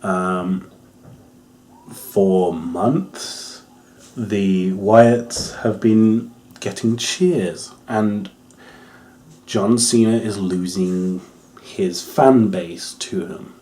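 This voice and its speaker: A man giving a casual, rambling wrestling review, full of fillers and restarts, getting louder and excited when he jokes. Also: low-pitched, extremely slow, pauses often. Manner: gets excited and loud when joking.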